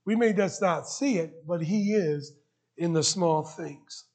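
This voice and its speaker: High-voiced man preaching with emotion. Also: takes it slowly, darkish tone. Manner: emotional, earnest preaching with rising emphatic questions. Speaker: pastor. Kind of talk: sermon. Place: church sanctuary.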